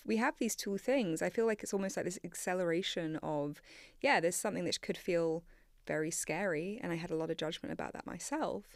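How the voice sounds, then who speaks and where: A woman's voice: mid-range voice, no echo. A woman talking casually and animatedly, often correcting herself mid-sentence, recorded in a studio. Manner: rambling, self-correcting, animated. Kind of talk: casual conversation. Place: small studio. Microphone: studio microphone.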